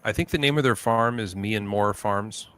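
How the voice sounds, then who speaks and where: A man's voice: fairly low pitch, normal speed, a bit bright, smooth. A man hosting a livestream in casual chat, telling easygoing stories and acting out quotes. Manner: easygoing storyteller, acts out quotes. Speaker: livestream host.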